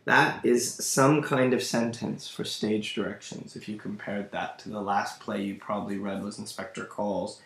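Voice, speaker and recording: A man's voice: fairly low pitch, steady tone, moderate pace, vocal fry, few pauses, a bit bright. A man teaching a literature lesson, thinking aloud and speaking directly to his students as he explains a play. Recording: echoey room.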